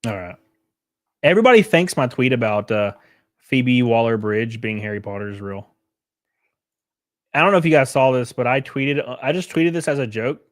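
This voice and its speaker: A man's voice: mid-range voice, animated, normal speed, long pauses, no echo, clean studio sound. A man hosting a casual livestream, reading chat and news aloud with sarcastic, swearing reactions, sounding worn out and short of breath. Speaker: streamer host.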